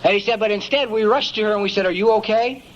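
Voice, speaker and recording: A man's voice: high voice, very fast, fairly bright tone, dull audio. A man giving a folksy, emphatic storytelling talk at a recovery meeting, peppering it with "man" and "you know".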